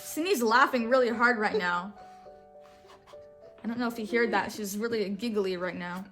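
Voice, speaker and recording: A woman's voice: mid-range voice, normal speed, over music, low-quality recording. A woman reading a picture book aloud with a sore throat, often stumbling and rereading words. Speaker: storybook reader.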